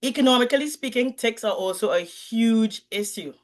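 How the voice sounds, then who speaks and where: Woman giving a lecture. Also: fairly high pitch. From Trinidad and Tobago. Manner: clear, explanatory, measured. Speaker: university lecturer presenting research. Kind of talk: academic presentation. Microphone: video call.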